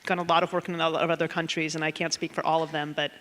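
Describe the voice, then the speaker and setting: A woman's voice: low voice, level tone, very fast, fairly bright tone. A woman from the United States speaking as a panelist, emphatic and frustrated.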